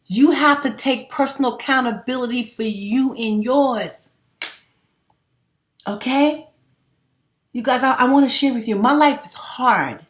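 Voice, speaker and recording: A woman's voice: on the high side, unhurried. Middle-aged woman, vlogger, unscripted monologue, rambling, profane, emphatic, echoey room. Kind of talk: casual unscripted monologue to camera. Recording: roomy echo.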